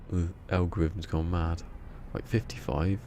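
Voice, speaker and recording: Deep-voiced male game streamer, gravelly tone, rambling casual commentary, faint hiss behind. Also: dark tone. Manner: rambling, chatty, muttering to himself.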